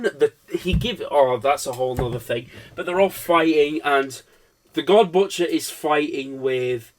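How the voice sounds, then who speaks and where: A man giving an unscripted film review, rambling, swearing and cutting himself off mid-thought. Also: mid-range voice. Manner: rambling, profane, self-interrupting.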